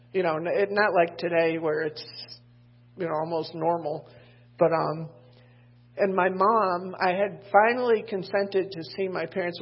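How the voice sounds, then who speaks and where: A woman's voice: lowish voice, creaky, husky. An older woman preaching a sermon from a pulpit. She talks candidly, wanders off into personal stories with self-deprecating asides, and reads scripture aloud. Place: church pulpit. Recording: dull lo-fi sermon recording.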